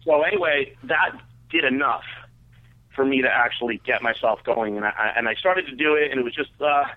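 A man's voice: mid-range voice, a little fast. A man telling a long, crude personal story in a loose, rambling way, full of "like" and restarts. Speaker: guest telling a story on a radio show. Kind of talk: casual storytelling. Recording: phone-like radio audio.

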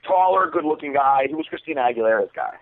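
A man's voice: mid-range voice, animated, fast talker, narrow, tinny audio, a crowd in the background. A man co-hosting a podcast in casual banter, joking, rambling and swearing freely. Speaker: co-host.

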